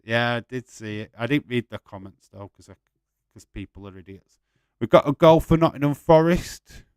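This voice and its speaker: A man's voice: medium pitch, animated, normal speed, clean tone, dry recording. A man hosting a live watch-along stream, chatting casually, swearing freely and laughing while he reads viewer comments.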